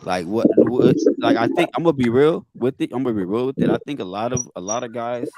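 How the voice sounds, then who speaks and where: A man's voice: medium pitch, lively intonation, fast, crowd noise, rough recording. A man hosting a casual podcast chat, restarting and repeating phrases as he builds his point.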